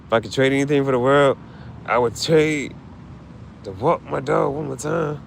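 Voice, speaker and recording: A man's voice: medium pitch, normal speed, vocal fry, a little hiss or hum. A man talking casually and emotionally, grieving, swearing and repeating himself in slang. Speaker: streamer.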